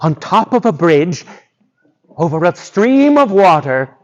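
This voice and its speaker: A male storyteller telling a folktale live to schoolchildren, animated and drawing the audience in. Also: sits high, takes it slowly, muffled recording.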